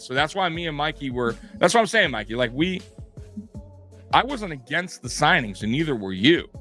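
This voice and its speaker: A man co-hosts a live sports show in a bright, forceful voice that sits a little high. He rambles, restarts his sentences, and swears often. Faint music plays in the background. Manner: rambling, profane, many restarts and fillers. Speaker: podcast co-host. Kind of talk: casual sports talk.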